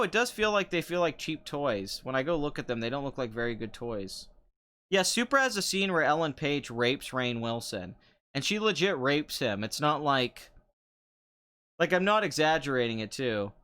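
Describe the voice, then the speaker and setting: A man's voice: on the high side, very animated, normal speed, bright, forceful tone. A young man hosting a casual chat show, answering viewer comments in a sarcastic, rambling way and laughing often. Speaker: podcast host.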